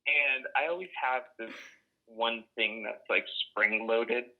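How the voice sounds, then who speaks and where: Gravelly blunt young man, phone line. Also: medium pitch, takes it slowly. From Boston. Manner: blunt and profane, many fillers. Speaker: oral history interviewee. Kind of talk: casual storytelling.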